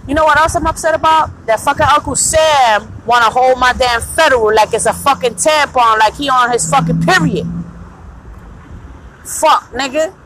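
A woman's voice: high-pitched, moderate pace, faint music behind, low-quality recording. Blunt, profane woman venting. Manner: blunt, profane, laughs loudly. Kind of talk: casual profane monologue.

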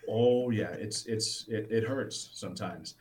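A man's voice: lowish voice, a little slow, a crowd in the background, rough recording. A man co-hosting a casual sports talk show, enthusiastic and rambling, with plenty of restarts. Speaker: sports podcast co-host.

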